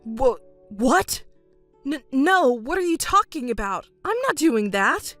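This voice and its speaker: A woman's voice: high voice, sing-song, takes it slowly, a bit bright, soft background music, heavily acted. A woman reading the part of a cheating husband in a texting story, pleading and defensive, stammering when cornered. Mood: panicked. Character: cheating, embezzling husband, adult man.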